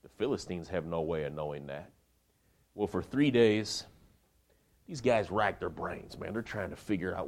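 A male preacher with a lowish voice retells a story in a chatty, colloquial sermon. He keeps it animated and conversational, and he addresses his listeners directly. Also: moderate pace.

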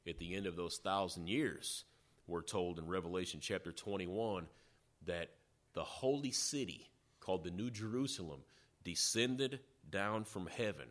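A man preaching a sermon, teaching through scripture in a measured way. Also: low-pitched, fairly bright tone. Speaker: pastor.

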